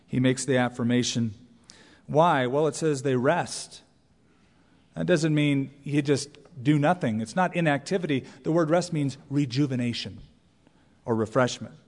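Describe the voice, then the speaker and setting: A man preaching a sermon as pastor, animated, with playful asides and mock voices. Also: fairly high pitch. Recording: long church reverb.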